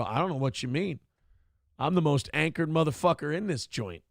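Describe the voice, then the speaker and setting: A man's voice: fairly high pitch, animated, moderate pace, no echo, clean studio sound. A man hosting a casual live stream, reading chat messages aloud and reacting in a profane, sarcastic, rambling way. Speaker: show host.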